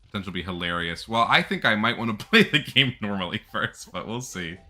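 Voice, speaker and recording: Very bright-voiced chatty male streamer. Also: on the low side, expressive, fairly quick. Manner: chatty, rambling, laughs a lot. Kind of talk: casual live-stream chat.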